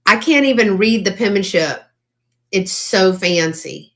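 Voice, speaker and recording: Slow-talking woman selling live. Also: mid-range voice, animated, a bit bright. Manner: chatty, exclaiming over items and reading old handwriting aloud haltingly. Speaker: online live-sale seller. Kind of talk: casual live-sale chat.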